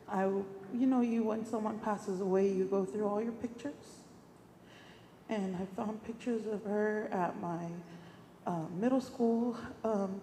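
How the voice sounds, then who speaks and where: A young woman giving a tearful eulogy for her grandmother, halting with many fillers as she speaks in a church. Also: mid-range voice, mellow. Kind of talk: emotional funeral eulogy. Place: church hall. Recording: echoey hall, faint noise.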